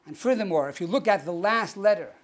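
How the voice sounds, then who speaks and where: A man, a rabbi, giving a teaching talk, asking rhetorical questions and repeating phrases, slowing down to stress key words. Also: sits high, lively intonation.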